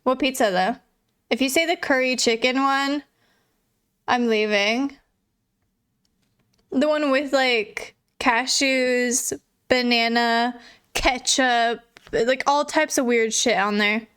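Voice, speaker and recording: A woman's voice: fairly high pitch, slow, pauses often, fairly bright tone, clear, resonant tone. A young adult woman livestreamer chatting casually with viewers, swearing freely and laughing often. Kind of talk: casual chat reading viewer messages.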